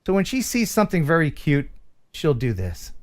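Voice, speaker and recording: Lively joking male stream host. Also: fairly high pitch, moderate pace. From United States. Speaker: livestream host. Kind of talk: casual live chat.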